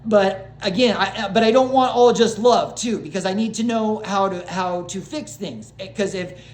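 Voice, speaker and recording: A woman on her own small vlog channel, talking off the cuff in an agitated, rambling rush full of false starts, curses and apologetic asides to viewers. Her voice sits at an ordinary middle pitch. The recording carries a noticeable roomy echo. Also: normal speed, a little mellow. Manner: agitated, rambling, with frequent restarts and swearing. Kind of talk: unscripted rant to camera.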